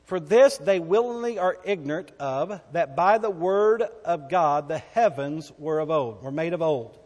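A man preaching a sermon, emphatic, asking the congregation questions and swinging between loud declarations and hushed lines. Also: a little high, lively intonation, normal speed, few pauses. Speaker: pastor. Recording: long hall reverb.

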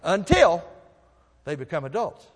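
A man preaching a sermon, telling folksy stories and swinging from soft asides to loud emphasis. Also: a little high, sing-song, measured pace, husky, long reverb tail. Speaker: pastor.

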